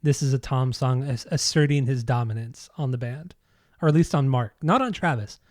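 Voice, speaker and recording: A man's voice: medium pitch, moderate pace, no room sound, studio quality. A man co-hosting a podcast, chatting casually and enthusiastically about an album, sometimes singing lyric snippets. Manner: enthusiastic, sings snippets of lyrics, laughs often. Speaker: podcast co-host. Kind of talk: casual music discussion.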